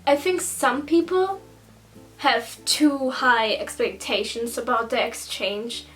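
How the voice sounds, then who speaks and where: A woman's voice: on the high side, animated, takes it slowly, fairly bright tone, faint music behind, rough recording. A German teenage girl with a German accent doing a casual Q and A vlog, hesitant and self-conscious, stumbling over some words. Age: teens. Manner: hesitant and self-conscious, with nervous laughs and restarts. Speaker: vlogger.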